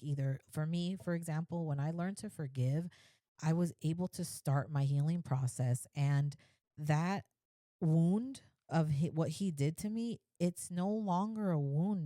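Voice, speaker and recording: Woman, 30s, low warm voice, earnest and gentle, talking straight to camera, dry close sound. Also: no echo. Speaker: faith vlogger sharing her story. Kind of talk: heartfelt personal talk to camera.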